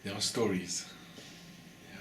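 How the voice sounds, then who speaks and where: A man's voice: measured pace, echoey room, a little hiss or hum, low-quality recording. A man interviewing a guest, asking brief questions and reacting to the answers.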